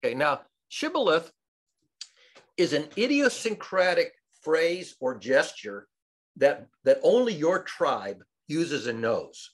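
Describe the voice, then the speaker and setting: Animated older man telling stories. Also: on the high side, slow. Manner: lively storyteller, animated and wry. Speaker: study group participant. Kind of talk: casual group discussion.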